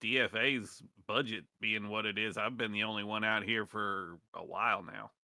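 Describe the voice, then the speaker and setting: A man's voice: fairly low pitch, steady tone, moderate pace, vocal fry, pushed and bright, dry recording, clean studio sound. A man speaking in character during a tabletop role-play, with a folksy, drawling way of talking.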